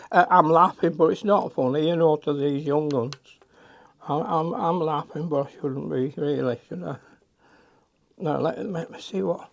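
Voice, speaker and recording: A man's voice: on the high side, normal speed, gravelly. An older man, chatting and muttering to himself as he demonstrates a watercolour painting.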